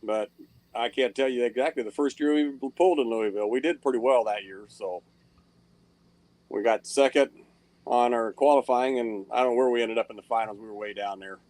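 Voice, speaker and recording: Male guest, modest matter-of-fact talker, mid pitch, dry recording. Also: a little fast, a little mellow, no room sound. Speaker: guest puller. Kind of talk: casual interview answers.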